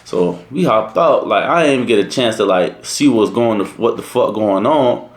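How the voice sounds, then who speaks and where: A young man in college tells a slangy, profane story in a casual, animated way. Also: on the low side, normal speed, reverberant. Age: young adult.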